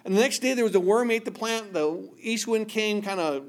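A man preaching a sermon in a lively storytelling way, acting out the people in the story with sudden swings between loud and soft. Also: high voice, brisk.

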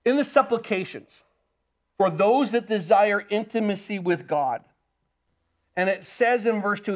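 A man preaching an earnest sermon, repeating words and swinging between intense and hushed delivery. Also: high voice, animated, unhurried, long pauses. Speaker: pastor.

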